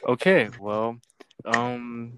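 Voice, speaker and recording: A man's voice: medium pitch, steady tone, very slow. A young man co-hosting a casual podcast, rambling and giggly with lots of fillers. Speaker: podcast co-host. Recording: noisy home recording.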